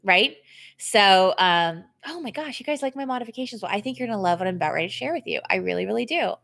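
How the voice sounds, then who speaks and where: A woman fitness coach chats live with her viewers from home, her pitch sitting in an ordinary middle range. She speaks candidly, breaks off to read comments aloud and thank people by name, and laughs easily, her voice rising and dropping in loudness as she goes. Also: expressive, quick pace, vocal fry. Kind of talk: casual live stream to viewers. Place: indoors at home.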